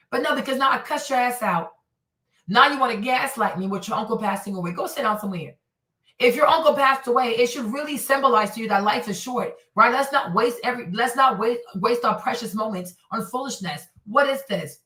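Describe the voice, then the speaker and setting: Slightly high and slightly quick, this woman's voice carries her casual commentary show as she recounts stories in an animated, indignant way and performs the quotes. She's from Northern Virginia, USA, recorded in an echoey room a little distant from the microphone.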